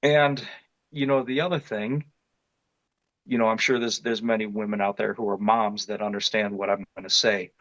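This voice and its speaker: A man with a fairly low voice tells his story casually, circling back with restarts and fillers as he goes. The recording sounds dull and lo-fi, with a dry, close sound and no room echo. He speaks at length as an interview guest. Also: moderate pace. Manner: rambling, with many restarts and fillers; grows more animated and louder as the story builds.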